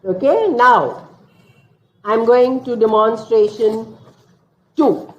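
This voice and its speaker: A woman teacher trainer, explaining classroom activities in a slow, deliberate way during an online training session. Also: fairly high pitch. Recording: roomy, dull lo-fi online session audio.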